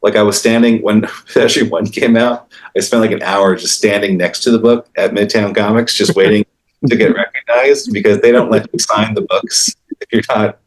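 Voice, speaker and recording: A comic book artist with a fairly low-pitched man's voice, speaking in an easygoing interview. He tells his stories in a halting, rambling way, full of fillers and restarts. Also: steady tone. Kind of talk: casual interview chat.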